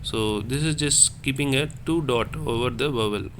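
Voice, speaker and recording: A man teaching a French class online, explaining slowly and correcting himself as he repeats words. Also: medium pitch, fairly bright tone, slight background noise. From India. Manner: slow, repetitive explaining with self-corrections.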